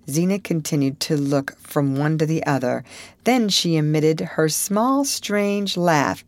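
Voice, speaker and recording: A woman narrating an audiobook in a measured, expressive reading. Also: sits low, no echo. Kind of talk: scripted narration.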